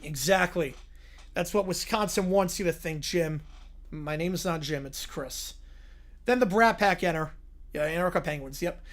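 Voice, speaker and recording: A man streaming live, reacting to a video with jokey, deadpan asides. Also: fairly high pitch, moderate pace. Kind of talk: livestream reaction chat.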